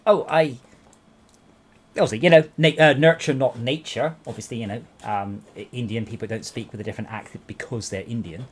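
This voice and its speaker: A man's voice: mid-range voice, steady tone, fairly quick, husky. A man from England hosting a game livestream, teasing his friends and rambling through anecdotes in casual chat.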